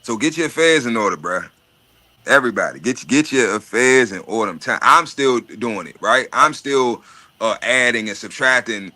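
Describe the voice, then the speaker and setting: A mid-range male voice, animated and bright with a pushed quality, moves at a moderate pace. He's a podcast host in casual talk about money and estates, swearing, streetwise, and prone to repeating words while he looks for the next one.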